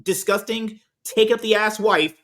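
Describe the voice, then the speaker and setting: A man's voice: sits high, steady tone, unhurried, sharp tone. A man hosting a podcast, ranting angrily with heavy profanity. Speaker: podcast host. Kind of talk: heated commentary chat.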